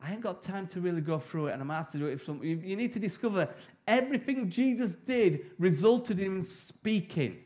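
A middle-aged man, preaching a sermon. His voice sits high for a man, and he talks in a loose, joking, conversational way, acting out little scenes of prayer as he goes. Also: expressive, a little fast, a little mellow.

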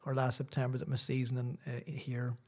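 Middle-aged Irish preacher, chatty and rambling, mid-pitched male voice, church talk. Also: completely flat delivery, a little fast, a little mellow. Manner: rambling, self-deprecating, chatty asides. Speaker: visiting preacher. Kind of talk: sermon with casual chat.

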